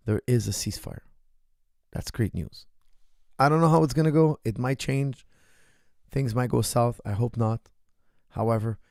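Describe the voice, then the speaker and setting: Gravelly-voiced man coaching on a livestream. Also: mid-range voice, a little mellow, no room sound, studio quality. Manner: emphatic, keeps checking in with "right?" and "okay?". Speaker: martial arts coach. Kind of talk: livestream Q&A, answering viewer questions.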